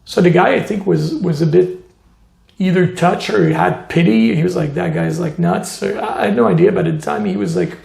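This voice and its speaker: A man from Montreal, a tattoo artist telling stories in an interview, animated and full of "you know" fillers. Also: high-pitched, brisk, gravelly, reverberant. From Montreal, Canada. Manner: animated, acts out quoted voices, many "you know" fillers. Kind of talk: storytelling interview.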